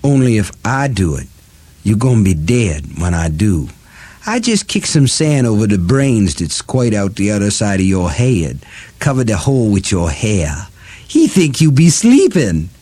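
A man's voice: mid-range voice, lively intonation, a little slow, a little mellow, voice pushed up. A man voicing a cruel, cackling woman captor who taunts and croons her threats in an audiobook. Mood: menacing. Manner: mocking drawl, crooning threats. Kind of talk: audiobook character voice.

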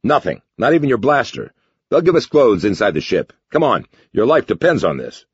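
A man voicing a brisk male army major giving firm, clipped instructions in a dull lo-fi recording. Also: medium pitch, very animated, husky, no echo, pitched above the performer's own voice, exaggerated voice. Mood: urgent.

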